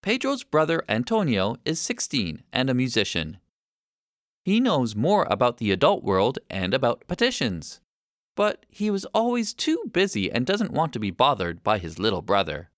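A man's voice: mid-range voice, normal speed, no room sound. Guy reading a kids story, voice all over the place, dry close sound. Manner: expressive reading. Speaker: narrator. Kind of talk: storybook narration.

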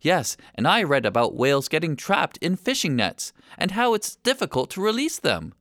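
A man's voice: fairly high pitch, huge pitch swings, normal speed, a bit bright, no echo, clean studio sound, voice pushed up. Man voicing Maria, eager young girl.

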